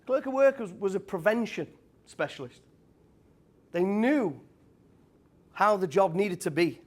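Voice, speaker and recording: A British man in his thirties, a former tradesman giving an energetic motivational talk to a live audience and quizzing the crowd. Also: high-pitched, unhurried. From United Kingdom. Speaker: speaker at a property event.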